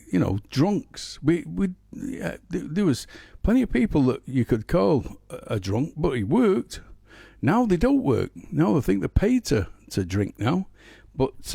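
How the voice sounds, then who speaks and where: A man's voice: medium pitch, gravelly, warm tone, slightly rough, no echo, clean studio sound. A middle-aged man from the Manchester area of England, chatting casually between songs on a live home stream, rambling with blunt humor and lots of fillers. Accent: Northern English, Manchester area. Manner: rambling storyteller, many fillers and restarts, blunt. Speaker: singer-songwriter streaming live.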